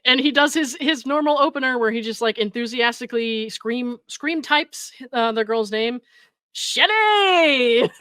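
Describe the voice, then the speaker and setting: A woman's voice: on the high side, a bit bright, no room sound. A woman hosting a commentary show, reading messages aloud and mocking them with sarcasm, swearing and frequent laughter. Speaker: commentary host.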